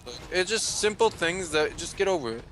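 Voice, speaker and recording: A young man rants over gameplay, rambling and cursing freely. His comes fast and bright, a touch higher than most men. Faint background noise sits under his voice. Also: expressive, soft background music. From Canada. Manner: rambling, profane, ranting. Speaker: let's-play co-host. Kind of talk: casual chat over gameplay.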